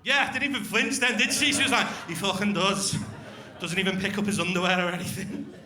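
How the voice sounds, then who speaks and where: A man's voice: high voice, lively intonation, fast talker. A young man doing a crude, swearing stand-up routine with crowd work on a comedy club stage. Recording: echoey club room.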